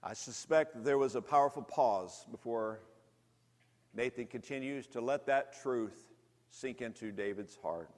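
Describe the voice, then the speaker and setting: A man preaching a sermon, telling a story dramatically, rising to loud intensity and dropping to hushed, slow lows. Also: in a large hall.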